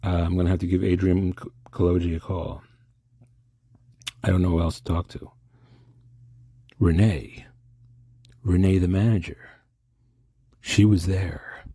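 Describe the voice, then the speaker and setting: A man's voice: low-pitched, flat delivery, a little slow, long pauses, dark tone, husky, no room sound, clean studio sound. A man rambling through a comic monologue, stammering and interrupting himself as he goes.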